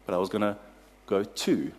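A South African man delivers a sermon, drawing his listeners in with animated personal stories. His voice has a husky, slightly breathy grain. He laughs easily at his own anecdotes before moving into the teaching. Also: on the low side, moderate pace. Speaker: pastor.

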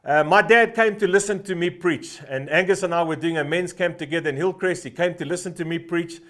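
A man's voice: high-pitched, a little fast, fairly bright tone. A man preaching a sermon, telling stories with many "uh" fillers and hammering a short refrain again and again. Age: 50s. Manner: fervent, repeats a short refrain for emphasis; storytelling with frequent "uh" fillers. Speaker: pastor.

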